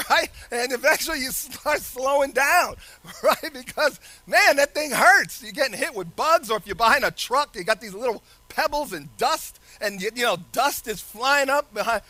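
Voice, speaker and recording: A man preaching a lively sermon, laughing often and shouting some phrases. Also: extremely high pitch, moderate pace, no echo.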